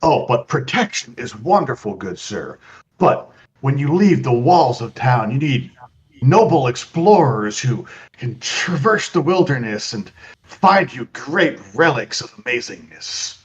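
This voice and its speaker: A man voicing an overeager, flattering male adventurer who sounds deliberately dim. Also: medium pitch. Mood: fawning. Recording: dull lo-fi sound.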